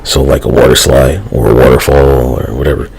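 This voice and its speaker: A man's voice: very deep voice, fairly even intonation, a little fast, vocal fry, a little mellow, a little hiss or hum, low-quality recording. A man live streaming, rambling loosely in a casual, profane, slangy way. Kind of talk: rambling casual livestream talk.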